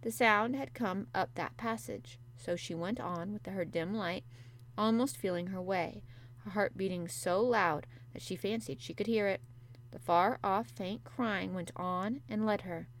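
A woman narrating a classic storybook in a measured, gentle, unhurried way. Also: medium pitch, slight background noise. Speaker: audiobook narrator. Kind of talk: storybook reading.

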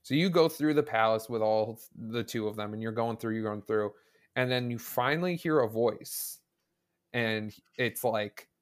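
A man's voice: fairly low pitch, moderate pace. Enthusiastic rambling man, podcast guest. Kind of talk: casual podcast chat about a video game.

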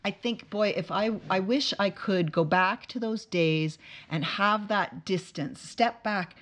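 A woman hosting a casual interview, speaking in a thoughtful, reflective way with quick bursts of speech. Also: mid-range voice, a bit bright. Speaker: interviewer, host.

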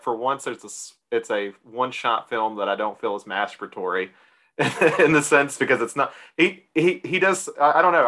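A man co-hosting a film podcast, talking in a relaxed way that hedges and corrects itself. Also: medium pitch. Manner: relaxed, hedging, self-correcting. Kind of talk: casual chat.

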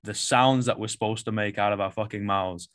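A man from Manchester with a Mancunian accent and a low voice, a fitness coach talking bluntly in a casual podcast chat, swearing often. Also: steady tone, a little fast, fairly bright tone. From Manchester, England. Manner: blunt, swears a lot, rambling with many fillers.

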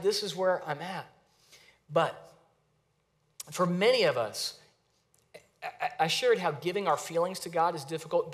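A man with a slightly higher voice preaches a sermon. He is earnest and dynamic, stretching key words slowly and sinking to a hush for emphasis. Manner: earnest, varies pace and volume for emphasis, repeats phrases. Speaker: pastor.

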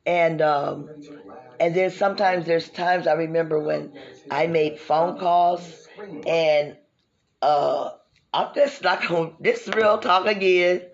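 Taking it slowly, the chat-show host talks in a fairly low, creaky voice through dull audio. She's a lively storyteller who laughs often and addresses her listeners as y'all.

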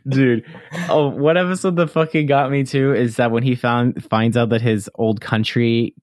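A man's voice: mid-range voice, steady tone, moderate pace, dry recording. Young male co-host, easygoing and giggly, mid-range voice, dry studio sound. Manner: laid-back, giggly, swears casually. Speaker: podcast co-host. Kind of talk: casual chat.

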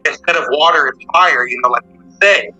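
A man calling in to share a personal story, talking earnestly and haltingly with many fillers. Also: a little high, bright, forceful tone, slightly rough, dry recording, soft background music, rough recording. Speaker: caller sharing a story. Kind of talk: casual storytelling.

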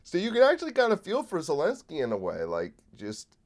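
A man's voice: fairly high pitch, sing-song, fairly quick, few pauses, darkish tone. A man hosting a solo comedy podcast while sick, rambling and swearing in a sardonic rant. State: sick with a cold. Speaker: podcast host.

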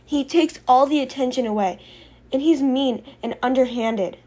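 A woman's voice: high voice, normal speed, mellow, voice pushed up. A woman voicing an earnest teenage schoolgirl who is hard of hearing. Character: teenage girl student, hard of hearing, emotional.

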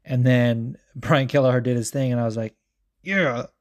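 A man's voice: mid-range voice, a little fast. A man hosting a casual recap show, rambling and swearing a lot, full of fillers and asides, a bit hungover. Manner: profane, rambling and animated, with many fillers. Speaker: podcast host recapping fights. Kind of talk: casual chat.

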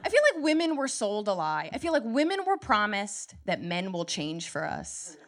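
A woman in her thirties performs a stand-up comedy set in a medium-pitched, sing-song voice at normal speed. Her wry, self-deprecating stories build toward punchlines, captured in a noisy live recording.

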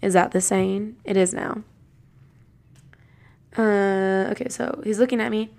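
A woman's voice: mid-range voice, steady tone, a little slow, gravelly, a little mellow. A young woman hosting a casual podcast, reading her old diary aloud with playful, giggly asides.

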